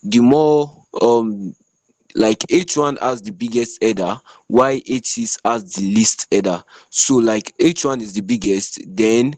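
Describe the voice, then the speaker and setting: A male student answering in an online class, polite and halting with fillers over a video call. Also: on the low side, darkish tone, dry recording, poor audio.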